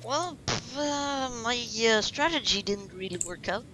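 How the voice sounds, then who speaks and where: A woman hosting a let's play, chatting casually over a card game in a playful, teasing way that is quick to complain. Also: on the high side, expressive, heavy background noise. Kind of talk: casual gaming banter.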